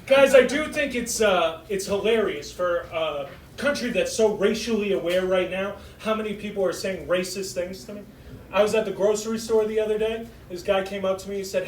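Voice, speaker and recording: A young man from Massachusetts with a Massachusetts accent doing a brash, animated stand-up set in a comedy club. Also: sits high, a little fast. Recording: roomy club sound from far off with audience noise. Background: audience laughter.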